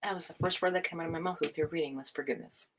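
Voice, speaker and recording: A woman giving a casual livestream tarot reading, excitable, swearing freely and laughing often. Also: low voice, very fast, very noisy. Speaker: tarot reader.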